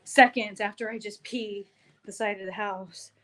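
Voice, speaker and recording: A woman's voice: medium pitch, steady tone, normal speed, fairly bright tone, slight background noise. A woman chatting casually on a show through a phone from her home garage, out of breath, laughing a lot and mocking herself. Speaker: show co-host. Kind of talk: casual chat.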